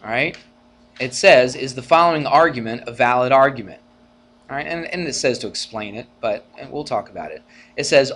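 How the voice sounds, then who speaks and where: Delivering a classroom lecture on college algebra, a male math teacher keeps things conversational and checks on students with rhetorical questions. His mid-range voice moves at normal speed and rises with animation as he acts out arguments.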